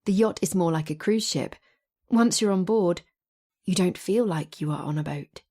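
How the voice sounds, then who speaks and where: A blunt, guarded bodyguard boyfriend, voiced by a woman narrating a romance audiobook. His lines come low and plain, with a mellow, slightly husky tone. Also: moderate pace, close to an everyday voice. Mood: easygoing. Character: protective, wary male bodyguard boyfriend.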